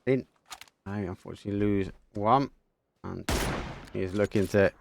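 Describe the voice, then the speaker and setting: A young man with an Essex accent giving live esports game commentary, excitable, with quick bursts and casual slang. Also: on the low side, vocal fry, noisy background. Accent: Essex English. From England, Essex. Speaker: esports caster.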